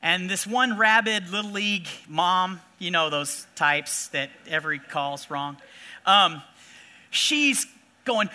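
Man preaching, high and very bright voice, animated storyteller; pastor delivering a sermon. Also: moderate pace. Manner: animated, acts out shouting figures in his stories.

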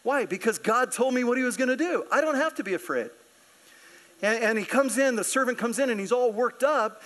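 A man preaching a sermon in a church, animated and acting out scripture characters. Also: very high voice, a little fast. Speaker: pastor. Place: church sanctuary.

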